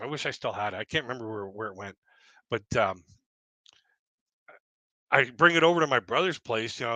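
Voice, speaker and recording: A man's voice: medium pitch, bright, forceful tone, no echo. A middle-aged man doing casual stand-up storytelling, rambling and chuckling at his own jokes. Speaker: stand-up comedian. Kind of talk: casual stand-up storytelling on a live audio panel.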